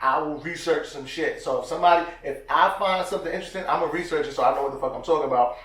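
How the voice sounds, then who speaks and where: Animated slangy man in an echoey room. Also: fairly high pitch, very fast. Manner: animated storyteller, slangy, acts out quotes. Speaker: podcast co-host. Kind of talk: casual chat. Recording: echoey room, distant mic.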